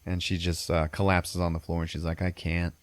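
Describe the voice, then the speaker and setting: A man's voice: low-pitched, flat delivery, brisk, dry recording. A man hosting a podcast, retelling a film plot in a loose, profane, rambling way. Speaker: podcast host. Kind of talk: casual film recap.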